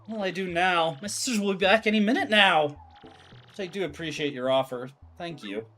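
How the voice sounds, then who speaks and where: Man reading as a fretful young shadow girl, soft-spoken, worried, game character, pitch swings about. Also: lively intonation, moderate pace, faint music behind, full character voice. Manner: anxious, self-pitying, soft-spoken.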